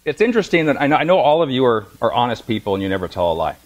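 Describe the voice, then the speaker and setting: A man's voice: mid-range voice, big pitch swings, rapid-fire, poor audio. A middle-aged man lecturing a massage class, telling funny stories and acting out the voices of the people in them. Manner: storytelling with humor, acts out voices. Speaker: massage instructor.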